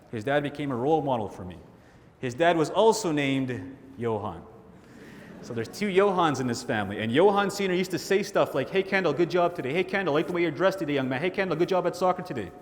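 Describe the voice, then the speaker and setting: A man giving a motivational keynote, telling a personal story and acting out his friends' voices. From Canada. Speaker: keynote speaker. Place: large hall with audience. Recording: hall reverb, faint rumble.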